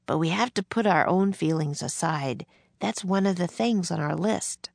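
A woman reading aloud and voicing a steady, caring young boy who speaks calmly and softly. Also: fairly low pitch, moderate pace, creaky, no echo. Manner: calm, soft-spoken.

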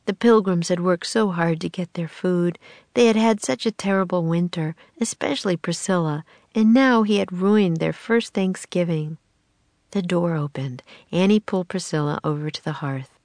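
A woman reads a children's chapter book aloud with calm, even storytelling. Her voice is low with a gravelly texture. The sound is close and dry. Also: normal speed, no room sound. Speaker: audiobook reader. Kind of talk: children's audiobook narration.

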